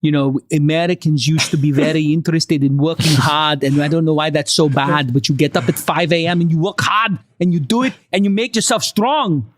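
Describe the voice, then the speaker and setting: A man doing a comedic impression of a blustery macho older man who scorns shortcuts, with gruff mock bravado. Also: sits high, big pitch swings, fast, few pauses, exaggerated voice.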